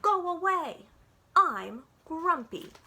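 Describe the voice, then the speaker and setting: A woman voicing a grumpy male elephant from a children's picture book, grumbling her lines slowly with heavy stress. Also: very high voice, big pitch swings, pushed and bright, pitched above the performer's own voice, heavily acted. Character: grumpy male cartoon elephant, stomping and sulky.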